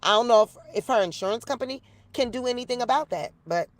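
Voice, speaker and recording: Woman, vlogger, chatty storyteller, casual, slightly high voice, outdoors. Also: fast, no echo. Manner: chatty, animated storyteller addressing viewers as y'all. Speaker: YouTuber. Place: outdoors in the rain.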